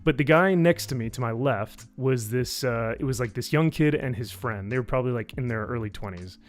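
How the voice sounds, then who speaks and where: A man in a casual live-stream review, talking in a sarcastic, animated way with many fillers. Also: a little fast. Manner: animated, sarcastic, many fillers, mimics people with high voices. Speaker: YouTube reviewer.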